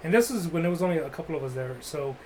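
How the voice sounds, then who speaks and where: A man's voice: a little high, expressive, rapid-fire, a little mellow, slight background noise, poor audio. A man telling a rambling, crude, joking story in casual chat, full of "like" and restarts.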